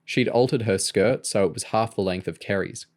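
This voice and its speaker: Male audiobook narrator, lowish, steady and even. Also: moderate pace. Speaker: audiobook reader.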